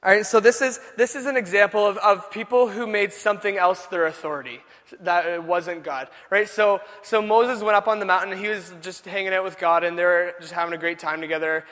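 Give me a young male preacher with a bright, high voice, echoing in a big hall. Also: a little fast. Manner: animated, casual retelling with many "like" fillers. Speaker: youth pastor. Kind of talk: sermon. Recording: long echo of a large hall.

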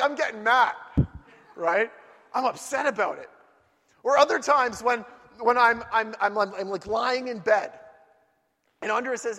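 A man preaching a sermon to a group in a church hall, telling lively stories and acting out voices and outbursts. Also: very high voice, measured pace, long pauses. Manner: animated storytelling, acts out voices and outbursts. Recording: long hall reverb.

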